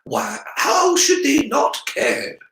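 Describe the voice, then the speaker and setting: A man's voice: very high-pitched, animated, takes it slowly, creaky, bright, forceful tone, reverberant, voice pushed up, exaggerated voice, low-quality recording. A man voicing a strict older witch professor with a precise, clipped Scottish accent. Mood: stern.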